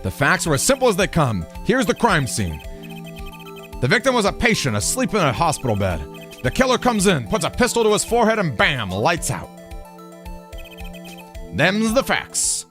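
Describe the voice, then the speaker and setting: A gruff, eager police detective, voiced by a man in a game read. He talks brash and folksy, pushing his pitch up with bouncy swings. Game music runs clearly behind him. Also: wildly swooping pitch, normal speed, pauses often, a bit bright, exaggerated voice. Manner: brash, folksy tough-guy talk.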